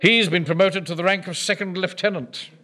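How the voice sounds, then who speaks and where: An actor playing a pompous, self-important bank manager who also commands a volunteer platoon, speaking in a commanding manner. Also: male voice, high voice, fairly even intonation, a little fast, pushed and bright. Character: pompous middle-aged male bank manager and platoon officer. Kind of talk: period sitcom acting.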